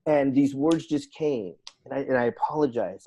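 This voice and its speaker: A man's voice: medium pitch, moderate pace, mellow. A man, a podcast guest and coach, telling a personal story in an earnest, reflective way and repeating phrases for emphasis.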